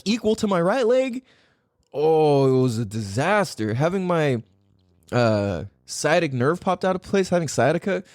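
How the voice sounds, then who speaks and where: A male podcast host who rants in a loose, rambling way and swears constantly. His pitch sits a little high and swings widely as he talks, and the sound is close and dry with no room around it. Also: no echo. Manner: profane, animated, rambling. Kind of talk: casual podcast rant.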